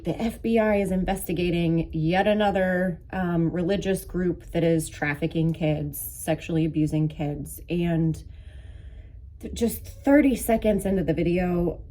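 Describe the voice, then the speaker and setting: A woman giving a halting, emotional personal monologue, with many restarts and fillers, as if close to tears. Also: on the low side, darkish tone. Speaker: vlogger, coaching.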